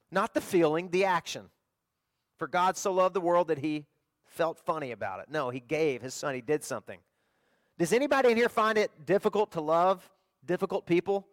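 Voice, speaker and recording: A middle-aged man preaching a sermon in a folksy, conversational way, swinging between loud emphasis and quiet storytelling. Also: high-pitched, big pitch swings, fairly quick, no room sound. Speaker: pastor.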